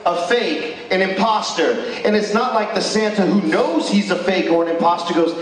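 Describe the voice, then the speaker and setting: A man's voice: high-pitched, moderate pace. Man preaching in an echoey chapel. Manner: emphatic preaching with rhetorical questions. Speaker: chapel speaker. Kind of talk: sermon. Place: school chapel. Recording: echoey hall, distant mic.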